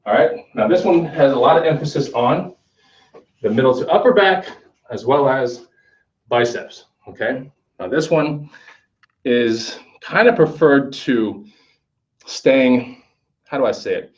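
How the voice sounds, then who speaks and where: A man's voice: mid-range voice, expressive, unhurried, long pauses. A man demonstrating a workout in a gym in a casual, conversational way, often checking in with "okay?". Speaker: fitness instructor. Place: gym, indoors. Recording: echoey gym from far off, dull.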